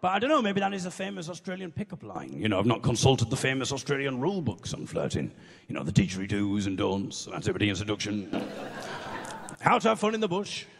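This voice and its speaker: A man's voice: mid-range voice, very animated, a little fast, gravelly, slightly rough. A British man doing stand-up comedy with dry, self-deprecating asides, recorded live. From Britain. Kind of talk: comic song then stand-up. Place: university venue stage. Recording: live in a reverberant hall.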